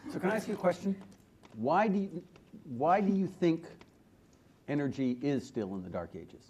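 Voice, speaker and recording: A man's voice: a little high, sing-song, moderate pace, darkish tone, husky. A man on a conference panel, pressing the others with questions about the reasons for things.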